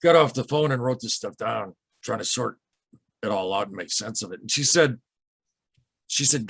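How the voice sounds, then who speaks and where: A man being interviewed as a guest on a podcast, telling an unsettling personal story in an earnest, halting way, often repeating himself and getting emotional. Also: mid-range voice, expressive, fairly bright tone, husky, no echo. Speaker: podcast guest, UFO experiencer.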